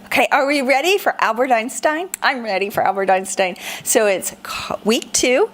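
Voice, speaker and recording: Lady teacher doing a kids lesson, high voice, super bouncy and sing-songy. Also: moderate pace. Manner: animated, sing-song, playful with kids. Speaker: homeschool teacher. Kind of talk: children's lesson.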